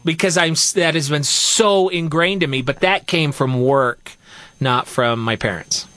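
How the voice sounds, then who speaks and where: A man in middle age co-hosting a casual talk radio show. His voice is bright and a little high, and he jumps into little acted-out voices mid-story. The sound is dry and close. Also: unhurried, dry recording. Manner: animated, laughs often, acts out voices in stories. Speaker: radio co-host.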